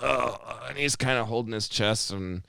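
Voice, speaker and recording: A man's voice: low-pitched, normal speed, clean tone, no room sound, clean studio sound. A man co-hosting a podcast, telling a story in casual chat, swearing freely and acting out what people said. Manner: animated storyteller, heavy swearing, acts out quotes. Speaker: podcast co-host.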